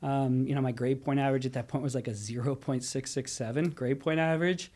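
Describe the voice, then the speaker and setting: A man who teaches high school social studies, telling his life story in a casual podcast conversation and acting out his students' voices. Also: fairly even intonation, a little fast, darkish tone. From Pennsylvania.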